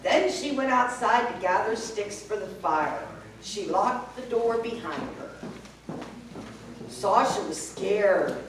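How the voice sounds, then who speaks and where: A woman reading a folk tale aloud in a slow, expressive way, heard from far off in an echoey event hall. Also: medium pitch, noisy background. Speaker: storyteller. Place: event hall at a senior center fair.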